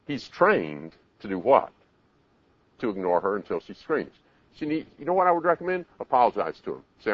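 A man speaks at a parenting seminar, his pitch swinging widely as he acts out scolding parents and stubborn kids. The sound is dry and close, with a slightly dull, muffled top end. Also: normal speed, long pauses, husky, no echo. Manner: animated, acts out parents and kids in raised voices. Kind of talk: live seminar talk.

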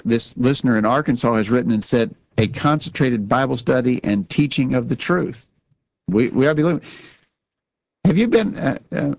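A man's voice: medium pitch, no echo, muffled recording. A man co-hosting a religious talk show, speaking earnestly and often repeating words as he starts a sentence. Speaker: radio show co-host.

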